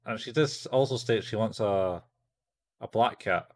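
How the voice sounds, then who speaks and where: A man co-hosting a podcast, haltingly retelling anime scenes with many fillers and quoted lines. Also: fairly low pitch. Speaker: podcast co-host. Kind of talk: casual chat recapping an anime.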